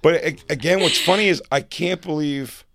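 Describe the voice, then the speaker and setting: A man's voice: on the high side, normal speed, vocal fry, fairly bright tone, no room sound, studio quality. A man co-hosting a comedy talk show, speaking conversationally with mocking asides. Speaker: co-host. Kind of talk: casual comedic banter.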